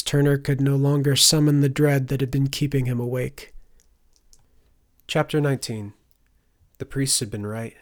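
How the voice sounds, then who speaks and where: A male narrator reads a fantasy novel aloud at a middling pitch. His delivery is measured and controlled, and it drops soft and low in reflective stretches. The narration is scripted throughout. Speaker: audiobook narrator.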